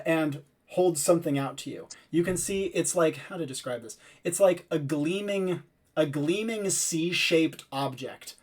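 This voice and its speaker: Man, game master, tabletop narration, descriptive, fairly high voice. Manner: descriptive, unhurried narration with fillers.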